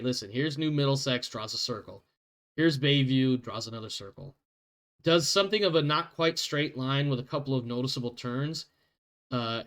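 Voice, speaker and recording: A man's voice: mid-range voice, a bit bright. A man running a tabletop game as game master, narrating loosely, laughing easily and rambling.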